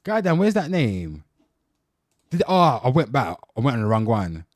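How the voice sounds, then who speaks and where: A man's voice: mid-range voice, very animated, normal speed, no echo. An English man in his thirties hosts a casual reaction show with a voice that swings up and down. He swears freely and talks straight to his viewers. The sound is dry and close. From England. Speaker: host.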